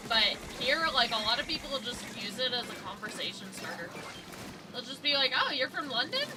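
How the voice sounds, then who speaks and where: A woman's voice: fairly high pitch, a little fast, background noise. A woman streamer chatting casually while gaming, talking in a loose, filler-heavy way.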